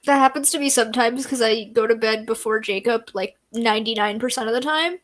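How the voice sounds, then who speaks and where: A young woman joins a friend's stream and chats openly, teasing and laughing easily. Her voice sits a little above average in pitch, light and easy. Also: a little fast. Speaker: guest co-streamer. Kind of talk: casual chat.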